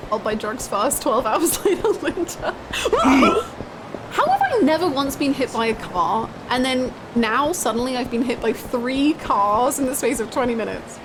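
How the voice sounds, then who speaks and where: A woman's voice: sits high, big pitch swings, a little slow, heavy background noise. A young woman giving playful, theatrical commentary while live-streaming a video game. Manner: playful and theatrical, swinging into mock drama. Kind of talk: casual live gameplay commentary. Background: game music.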